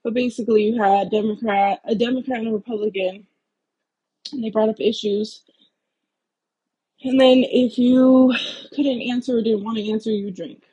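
A woman's voice: fairly high pitch, steady tone, moderate pace, long pauses, mellow, slightly rough, highs cut off. A woman vlogger giving a heated, blunt political rant full of swearing. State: out of breath.

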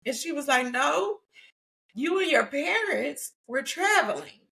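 A woman, hosting a casual faith conversation and telling stories with animated delivery and frequent laughter. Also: sits high, unhurried, vocal fry. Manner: animated storytelling, laughing often. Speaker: podcast host.

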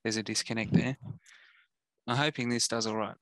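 An Australian man co-hosts a casual podcast, making his points in a measured, reasoned way. His low, even voice has a bright tone. The sound is dry and close. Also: no echo. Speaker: podcast co-host. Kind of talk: casual chat reviewing film trailers.

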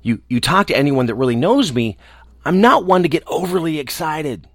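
A man who hosts a show, talking alone in a small room in a reflective, earnest way, often restarting and trailing off softly. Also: on the high side, animated, no room sound, clean studio sound. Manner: earnest, halting, with restarts and soft trailing endings. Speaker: radio host. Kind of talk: reflective casual monologue.

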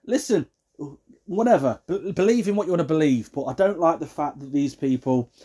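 A man ranting in a comic, exasperated way, jumping between hushed asides and loud outbursts. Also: a little high, fairly quick, slightly rough. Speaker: vlogger. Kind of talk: comic rant to camera.

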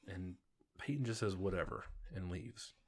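Podcast co-host, man, plain and steady, walks through plot points. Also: deep voice, moderate pace, slightly rough. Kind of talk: casual TV recap narration.

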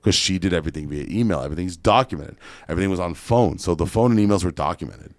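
A man with a very low voice tells a story on a podcast in a blunt, profane way and acts out what other people said. He sounds close and dry, with no room echo. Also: racing. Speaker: guest entrepreneur.

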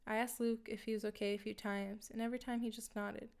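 A woman's voice: a little high, little pitch movement, fast talker, vocal fry. A woman telling a first-person horror story in a matter-of-fact way, with dry asides to her listeners.

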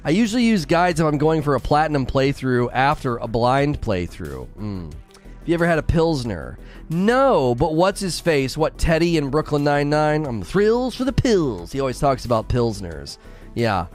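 A giggly man rambles to his viewers during a game stream, often laughing at his own jokes and using lots of fillers and restarts. He talks at normal speed in a very animated, higher-leaning voice, with faint music behind.

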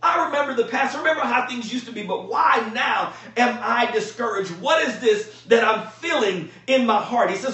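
A man preaching a sermon as pastor, fervent and calling out to his congregation, at times rising to shouts. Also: extremely high pitch, lively intonation, normal speed, few pauses, far from the mic. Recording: echoey room, voice from off-mic.

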